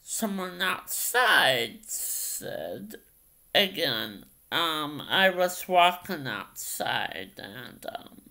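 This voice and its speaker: A man's voice: fairly high pitch, big pitch swings, drawn-out words, gravelly, bright, forceful tone. A man vlogging casually, telling stories in a hesitant way with many ums and repeated phrases. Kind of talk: casual vlog storytelling.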